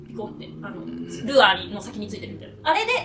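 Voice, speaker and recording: A woman casually telling a story in an animated way, full of sound words. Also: medium pitch, rapid-fire, distant mic, background noise. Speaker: parent recounting an event. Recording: roomy echo, faint ambience.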